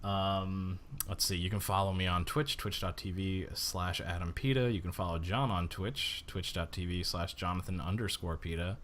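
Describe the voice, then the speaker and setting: A man's voice: low voice, steady tone, normal speed, a bit bright, slight background noise. A young man co-hosting a casual gaming chat, talking in a laid-back way and swearing now and then. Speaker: co-host.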